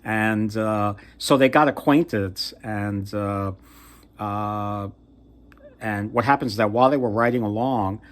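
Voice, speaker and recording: A man casually retelling a fairy tale from memory, halting and often trailing off to restart. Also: fairly low pitch. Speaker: storyteller.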